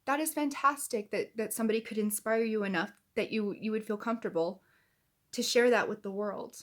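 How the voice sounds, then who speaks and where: A woman's voice: mid-range voice, a little fast. A woman giving heated, indignant reaction commentary to camera, swearing as she gets angry. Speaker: YouTube commentator.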